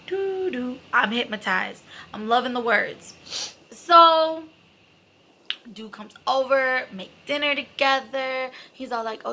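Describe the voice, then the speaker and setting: A woman's voice: fairly high pitch, creaky, bright, forceful tone. Candid young woman spilling a story. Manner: emotional, candid, swears freely, heavy fillers. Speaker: vlogger telling a personal story. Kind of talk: casual storytime.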